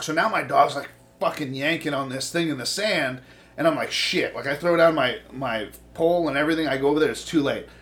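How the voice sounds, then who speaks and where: Profane, animated man telling stories. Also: fairly high pitch. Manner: profane, animated storytelling with quoted voices. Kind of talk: casual chat, storytelling.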